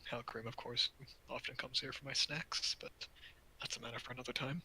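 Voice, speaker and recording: A man's voice: mid-range voice, fairly even intonation, a little fast, pushed and bright, a little hiss or hum, poor audio. A man narrating a tabletop game as game master, in a casual, loose way full of fillers.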